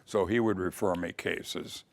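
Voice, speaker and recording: A man's voice: sits low, fairly even intonation, a little slow, creaky. An older man recalling his early years as a lawyer in a casual, storytelling way. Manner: storytelling, acts out quoted voices. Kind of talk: casual spoken memoir.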